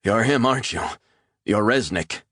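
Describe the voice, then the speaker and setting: A man's voice: on the low side, brisk, a bit bright, no echo, clean studio sound, voice pushed up, close to an everyday voice. A man voicing a frightened captive who pleads and dodges questions in an audiobook thriller. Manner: pleading, evasive. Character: frightened man held at gunpoint.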